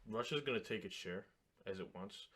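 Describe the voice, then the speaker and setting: A man co-hosting a casual talk show, giving his views in a measured, hesitant way. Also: lowish voice, a bit bright. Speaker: co-host. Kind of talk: casual political chat.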